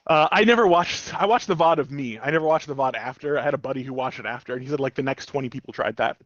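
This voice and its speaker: A male streamer in casual gaming chat, telling stories with animated delivery and a lot of swearing. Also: mid-range voice, fast talker, dry recording. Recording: dull dry lo-fi mic.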